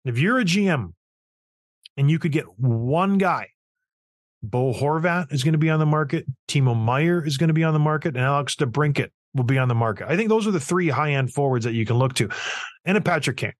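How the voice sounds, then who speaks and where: A man hosting a casual hockey talk show, firing off excitable, rapid questions. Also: fairly high pitch, dry recording, clean studio sound. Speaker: sports talk show host.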